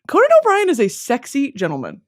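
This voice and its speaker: Animated woman riffing on a podcast. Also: fairly high pitch, a little fast. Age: 20s. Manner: animated, self-mocking, jumping between loud bursts and mutters. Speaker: podcast host. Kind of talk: comedic podcast monologue.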